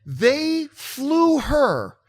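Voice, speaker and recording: A man hosting a movie show, chatting casually and telling a story with lively mimicry of other people. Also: extremely slow. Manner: animated storytelling, mimics others in high excited voice. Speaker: show host. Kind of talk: casual chat.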